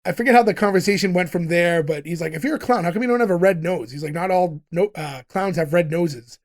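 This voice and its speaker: High-voiced male podcast host, chatty recapper who laughs often. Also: quick pace. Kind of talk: casual podcast chat.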